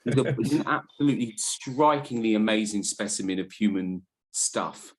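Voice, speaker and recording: A man's voice: lowish voice, expressive, normal speed. Rambling man on a football podcast. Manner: rambling, self-deprecating storyteller. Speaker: podcast panelist. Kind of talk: casual chat.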